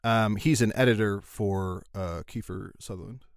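A man's voice: on the low side, moderate pace, vocal fry, clear, resonant tone, no echo, studio quality. A man co-hosting a casual podcast, reading listener emails aloud with jokey asides. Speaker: podcast co-host.

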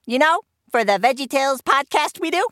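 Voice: sits high, animated, brisk, fairly bright tone, no room sound, clean studio sound. A voice actor playing a goofy, cheerful male cucumber who co-hosts a cartoon podcast, teasing and joking. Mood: playful. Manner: jokey, teasing, giggly. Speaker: co-host.

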